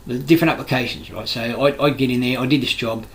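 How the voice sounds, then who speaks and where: A man's voice: mid-range voice, fairly even intonation, fast talker, fairly bright tone, low-quality recording. A man with an Australian accent, a construction worker delivering a rambling, heated, profane monologue full of restarts. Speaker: construction worker giving his views.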